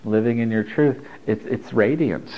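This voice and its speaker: A man's voice: mid-range voice, moderate pace, narrow, tinny audio. A man giving a loose, conversational spiritual talk to a group, laughing and swearing freely as he teaches.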